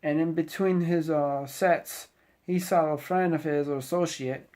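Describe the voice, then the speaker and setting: Speaking in a mellow voice that sits on the high side, a middle-aged Navy sailor keeps a steady tone and a slightly slow pace. He delivers a casual pep talk to the camera, rambling and preachy with frequent "you know" asides, exhorting whoever is watching.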